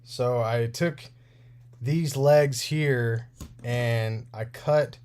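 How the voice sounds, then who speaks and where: This toy repair streamer, a man in his thirties, speaks extremely slowly in a medium-pitched, clear, resonant voice that's a little mellow. He rambles and laughs often, chatting casually as he repairs action figures.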